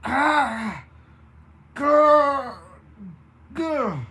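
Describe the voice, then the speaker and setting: A shrill, trembling woman mid-transformation into a sea monster, as a female storyteller puts her on, her voice squealing high and tipping into animal growls. The lines swing wildly in pitch and often burst into shouts. It all comes in a slow, drawn-out delivery. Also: animated, full character voice. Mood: growling.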